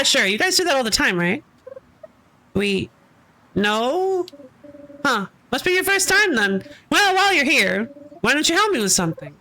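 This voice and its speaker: A woman's voice: a little high, bright, forceful tone, slight background noise, exaggerated voice. A woman reading the lines of an easygoing, chatty male traveler who has lost his memories. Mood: coaxing.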